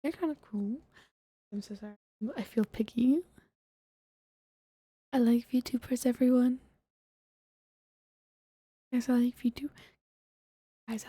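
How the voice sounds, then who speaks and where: A young woman talks in a soft, half-whispered voice, chatty and giggly. Her tone is dark and mellow, a bit breathy, and sits a little high. The recording is close and dry, with no room sound. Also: steady tone, takes it slowly, long pauses, no echo. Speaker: VTuber streamer. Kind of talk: soft-spoken ASMR stream chat, often whispered.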